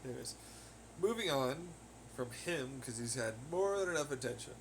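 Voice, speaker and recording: At home on laundry day, a young man hosts his own podcast and rambles casually, ranting and swearing heavily. His mid-range voice has lively intonation and a normal speed, with slight background noise.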